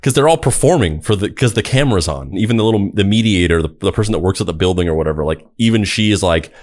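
A man hosting a podcast who gives wry, deliberate commentary and then reads scripted narration. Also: sits low, lively intonation, a little mellow.

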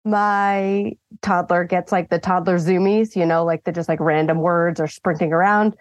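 Animated woman in her thirties telling a story. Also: lowish voice, moderate pace, dry recording. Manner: animated storyteller, acts out quoted voices. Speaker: guest caller. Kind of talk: telling a personal story on a podcast.

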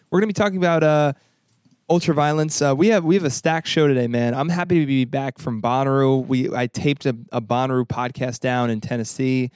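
A young man hosting a casual music podcast, chatty and halting with lots of fillers and restarts. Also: mid-range voice, darkish tone, clear, resonant tone, no echo, studio quality. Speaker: podcast host. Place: New York studio.

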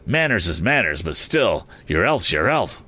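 A man voicing a gentle, simple-hearted blacksmith who speaks earnestly in homely rustic speech. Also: deep voice, sing-song, a little slow, heavily acted. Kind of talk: audiobook character voice.

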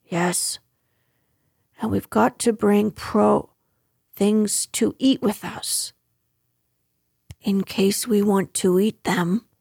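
A woman voicing a simple, cheerful, honey-loving bear who sounds gently puzzled. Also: medium pitch, steady tone, extremely slow, gravelly, long pauses, slightly rough, dry recording, clean studio sound, full character voice. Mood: earnest.

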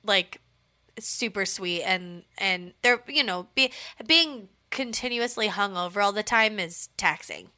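A woman's voice: medium pitch, measured pace, pushed and bright. A tipsy young woman co-hosting a podcast, chatting casually and crudely, laughing often. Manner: crude joking, laughs often, puts on silly voices. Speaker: podcast co-host. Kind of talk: casual chat.

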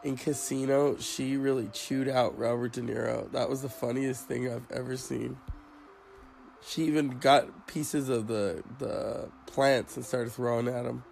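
A man hosting a casual chat, rambling and crude in a deadpan way. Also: mid-range voice, unhurried, vocal fry, soft background music, poor audio.

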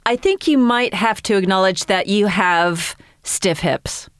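A woman co-hosts a podcast in a teasing tone and laughs often. Her voice is at a middle pitch and sounds close and dry. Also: measured pace, clean tone, dry recording. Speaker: podcast co-host. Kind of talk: casual podcast chat.

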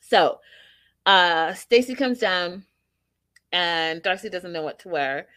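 A woman's voice: on the low side, expressive, slow, pushed and bright, no room sound. A woman casually recapping a reality show, opinionated and full of rhetorical questions.

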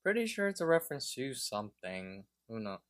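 A man's voice: medium pitch, big pitch swings, fairly quick, dry recording, studio quality. Young man tossing in joking asides. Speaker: podcast co-host. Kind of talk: casual chat.

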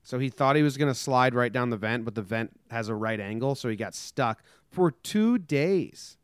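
A man's voice: mid-range voice, expressive, normal speed, clear, resonant tone, dry recording, clean studio sound. A young American man casually chatting as a podcast co-host, telling stories and acting out quotes in silly voices. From United States. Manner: rambling storyteller, acts out quotes in silly voices. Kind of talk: casual comedic chat.

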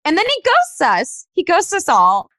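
A woman's voice: very high-pitched, unhurried, no echo. A young woman telling a dating story in casual chat, acting out the texts she got and sent. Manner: animated storyteller, acts out texts in quoted voices.

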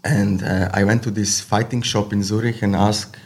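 A man from Switzerland, a guest who coaches fighters, talking casually in halting non-native English with many fillers. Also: fairly low pitch, level tone, darkish tone, husky. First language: Slovenian or Swiss German. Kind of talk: casual interview.

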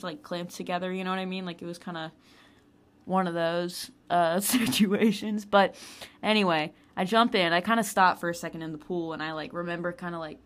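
A young woman casually telling a personal story, with lots of "like" fillers. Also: fairly low pitch. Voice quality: heavy use of "like" as filler. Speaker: vlogger.

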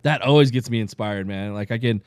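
A man's voice: fairly low pitch, fairly quick, smooth, no echo, clean studio sound. A man hosting a podcast, laid-back and agreeable, often calling his guest dude or man. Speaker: podcast host. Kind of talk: casual podcast interview.

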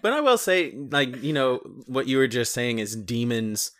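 A man's voice: medium pitch, sing-song, normal speed, a bit bright. A man co-hosting a casual movie chat, joking crudely and acting out characters. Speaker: podcast co-host.

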